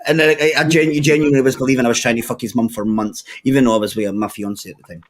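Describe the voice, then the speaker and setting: A man's voice: mid-range voice, steady tone, rapid-fire. A young Scottish man telling crude stories in a casual chat, swearing freely and laughing often. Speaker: podcast regular.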